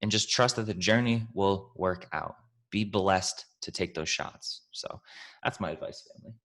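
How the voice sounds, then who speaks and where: A man's voice: deep voice, moderate pace, fairly bright tone. A man answering questions as a trading mentor, talking in a pumped-up, profane, coach-like way and calling his listeners family and team. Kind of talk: casual Q&A talk.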